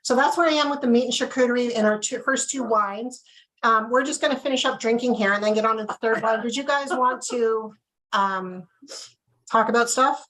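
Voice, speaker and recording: Lady doing a wine tasting on a video call, kinda high voice, lots of ums, chatty. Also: brisk, a bit bright, poor audio. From Canada. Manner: chatty, filler-heavy explaining. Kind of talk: casual live tasting talk.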